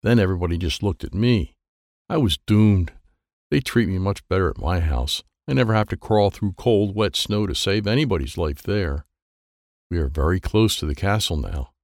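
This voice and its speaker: A man reading a children's book aloud, lively and playful, with sound effects and character voices. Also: sits low, normal speed, no echo, studio quality. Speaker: audiobook reader.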